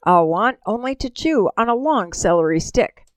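A woman's voice: medium pitch, expressive, normal speed, dry recording. A woman co-hosting a radio-style show, reading a comic rhyming poem in a sing-song way. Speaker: co-host.

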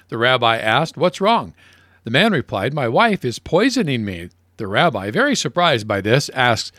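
A man's voice: medium pitch, big pitch swings, moderate pace, bright, forceful tone, no room sound, clean studio sound. A man co-hosting a radio show, telling jokes playfully. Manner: playful joke-telling, laughs at own jokes.

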